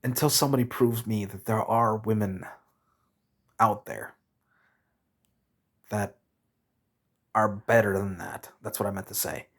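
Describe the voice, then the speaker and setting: Guy venting on his vlog, low husky voice, blunt, swears a lot, keeps backtracking. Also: measured pace, long pauses. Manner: frustrated, blunt, swearing, rambling with self-corrections. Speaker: vlogger. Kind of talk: candid rant to camera.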